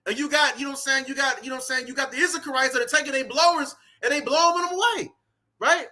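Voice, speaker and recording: Racing through an impassioned sermon outdoors in the cold, a street preacher reads scripture aloud in a very high-pitched voice. His tone is bright and forceful. Between lines he fervently and repetitively slips in "man" and "right."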